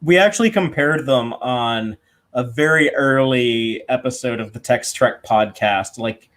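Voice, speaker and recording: A man co-hosting a casual fan commentary podcast, relaxed and explaining at length. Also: mid-range voice, unhurried. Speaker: podcast co-host.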